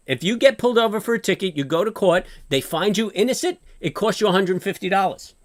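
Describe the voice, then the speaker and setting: A man, ranting profanely in casual chat as a trading stream host, jumping from loud outbursts to low muttering. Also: lively intonation, fast, few pauses. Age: late 40s.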